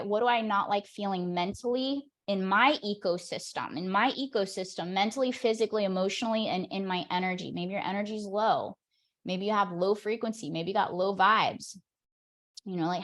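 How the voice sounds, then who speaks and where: A woman performance coach leading an online workshop over a video call, talking straight to her audience in an energetic, encouraging way. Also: medium pitch.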